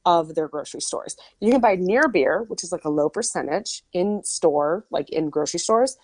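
A woman's voice: lowish voice, a little mellow, no room sound. A woman host from Minnesota chatting casually, telling a story with lots of asides and "like". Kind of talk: casual chat.

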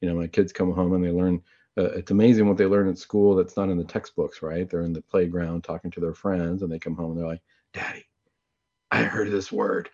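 A man hosting a Catholic talk show, chatting in a casual, conversational way and often clearing his throat. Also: deep voice, level tone, fast, mellow. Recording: dull lo-fi recording.

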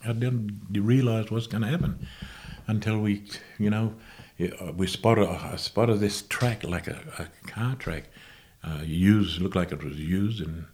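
Low-voiced man telling stories. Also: darkish tone. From Australia. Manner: unhurried, halting recollection that corrects itself. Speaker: guest musician. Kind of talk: casual interview storytelling.

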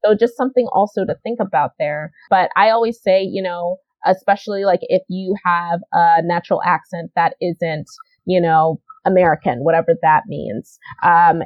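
A woman's voice: on the low side, no room sound, dull audio. A woman working as a casting director, giving advice in a casual, chatty interview, with lots of "you know" and repeated words for emphasis.

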